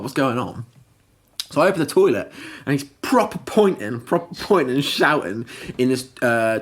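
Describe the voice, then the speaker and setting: A young man, co-hosting a podcast and telling a story in casual chat, animated and often laughing as he goes. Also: medium pitch. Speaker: podcast co-host.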